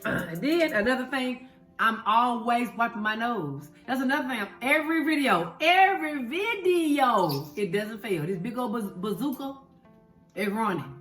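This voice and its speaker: A woman's voice: a little high, lively intonation, normal speed, a bit bright. A woman hosting her eating show, chatting animatedly to viewers and laughing often. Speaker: show host, wife. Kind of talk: casual chat on an eating show. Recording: echoey room, faint music.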